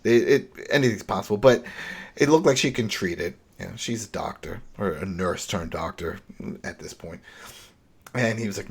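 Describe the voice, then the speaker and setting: A man co-hosting a podcast, retelling an episode in a loose, rambling, animated way. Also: low voice, moderate pace, slightly rough. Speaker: podcast co-host. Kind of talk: casual recap discussion.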